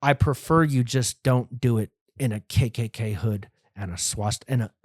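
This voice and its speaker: A man's voice: mid-range voice, moderate pace, no room sound, clean studio sound. A young adult man hosting a comedy podcast, riffing in a profane, rambling monologue that acts out imagined scenes.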